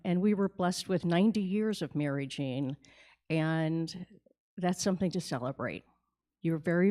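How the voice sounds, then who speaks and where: A woman speaking gently and from the heart at a church memorial service. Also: on the low side. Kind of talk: memorial tribute.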